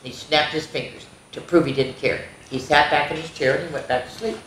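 Expressive woman reading a spooky kids' story. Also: low-pitched, a little fast, a little hiss or hum. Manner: expressive, gasps and asides to young listeners. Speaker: children's storyteller. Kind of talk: reading a spooky picture book aloud to kids. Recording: roomy echo.

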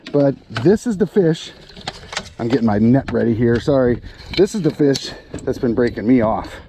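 Brief: laid-back fishing host on a boat, slow and mellow, chatty with his catch, faint outdoor noise behind. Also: on the high side. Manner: chatty, talks to the fish and viewers. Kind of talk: casual fishing vlog narration.

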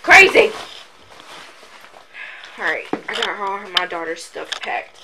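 A woman's voice: medium pitch, very animated, takes it slowly, pauses often, background noise. A young woman talking casually to her vlog audience, goofy and overdramatic, with lots of slang. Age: young adult. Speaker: vlogger. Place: at home while packing. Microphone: built-in camera mic.

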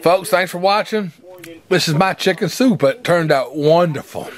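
A man's voice: on the high side, moderate pace. A man hosting a casual home cooking vlog in his kitchen, talking to his viewers in a folksy way while losing his voice. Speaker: cooking channel host.

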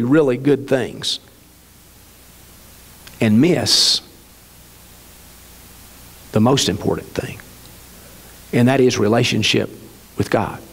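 A preacher in a reverberant church. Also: male voice, medium pitch, slightly rough. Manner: reading a satirical parable aloud, slowing for emphasis. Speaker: pastor. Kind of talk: sermon. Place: church sanctuary. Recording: long hall reverb.

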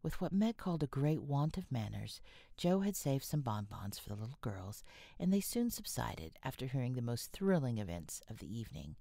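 A woman's voice: a bass voice, very animated, normal speed, vocal fry, mellow, dry recording, studio quality. A woman narrating a classic novel as an audiobook, reading expressively and often dropping into a whisper. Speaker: audiobook reader.

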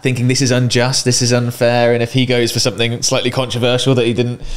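A man hosting a podcast, asking measured, slightly hesitant questions. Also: medium pitch, monotone, clean tone. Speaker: podcast host. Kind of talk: interview questions.

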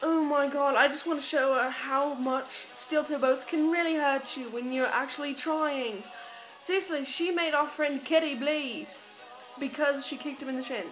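A woman's voice: high-pitched, moderate pace, a bit bright, faint music behind. A girl in her teens, chatting casually and bluntly, swearing and putting on a mock British accent. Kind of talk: casual chat to camera. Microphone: phone camera.

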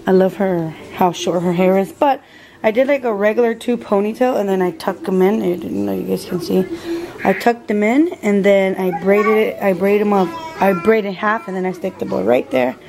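A woman's voice: medium pitch, moderate pace, creaky, crowd noise. A young woman chatting casually to her camera, narrating her chores and her kids' routine at home, dropping in Spanish words to her kids. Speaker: family vlogger. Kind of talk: casual vlog chat. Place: family home, indoors. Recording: home video with steady background noise.

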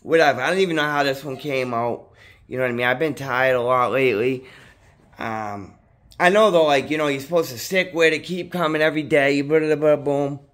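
A man's voice: medium pitch, fairly quick. A man vlogging a personal story in casual, rambling talk, heavy on profanity and filler like "dude" and "you know what I mean", his voice jumping up when he gets worked up. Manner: excitable, voice jumps up when worked up.

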